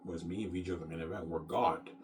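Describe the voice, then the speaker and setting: A man's voice: low-pitched, steady tone, rapid-fire, warm tone, slight background noise. A man in an off-the-cuff monologue, boastful and repetitive, often adding "man".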